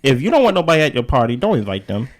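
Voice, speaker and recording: A man co-hosting a casual TV recap show, talking in an animated way with quick asides and frequent laughs. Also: mid-range voice. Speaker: podcast co-host.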